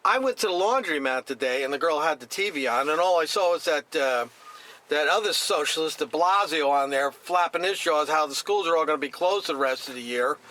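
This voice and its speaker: A man's voice: on the high side, expressive, fairly quick, sharp tone. A middle-aged man from New Jersey ranting straight to camera, blunt and scornful, with a lot of repetition. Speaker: vlogger.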